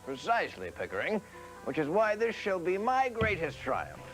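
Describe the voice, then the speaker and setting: A pompous, scheming professor in a sketch, his plummy posh voice riding high and swooping all over. Faint music sits behind him. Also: wildly swooping pitch, moderate pace, low-quality recording. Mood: grandiose. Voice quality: plummy mid-Atlantic posh accent. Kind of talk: parody sketch acting.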